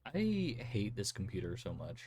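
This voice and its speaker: A man's voice: sits low, normal speed, husky. A man streaming a shooter game, chatting casually with friends in a rambling, profane way and laughing often. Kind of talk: casual chat while gaming.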